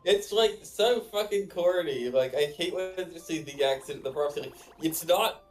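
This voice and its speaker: A man's voice: a little high, normal speed. A man co-hosting a game stream, making dry, sardonic, critical quips. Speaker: co-host of a game mod dev stream. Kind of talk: casual let's-play commentary. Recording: roomy echo, faint music behind.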